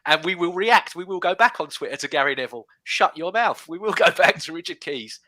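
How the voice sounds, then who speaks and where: A man's voice: on the high side, lively intonation, quick pace, pushed and bright, no echo. A man in his thirties co-hosting a football podcast, explaining in long run-on sentences. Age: 30s. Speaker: podcast co-host. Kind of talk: casual football chat.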